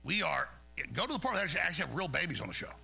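A man with a high, gravelly, sharply bright voice rants through a radio monologue. He stumbles over repeated words as he pushes on. A faint mains hum sits under the recording. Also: big pitch swings, very fast, low-quality recording. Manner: rambling, repeats words, heated. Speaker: radio show host. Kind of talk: agitated talk radio monologue.

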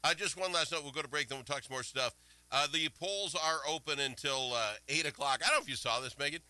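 A man hosting a casual political talk radio show, animated and indignant, swinging between loud outbursts and quiet asides. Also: on the high side, fast, no room sound, poor audio. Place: Minnesota.

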